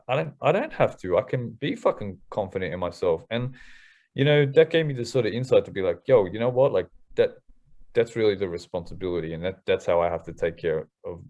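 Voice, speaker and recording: A man in his thirties with an Australian accent, a hip-hop artist telling stories in a casual interview, candid and quick to swear. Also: sits low, darkish tone. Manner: candid, swears freely, fast slangy storytelling.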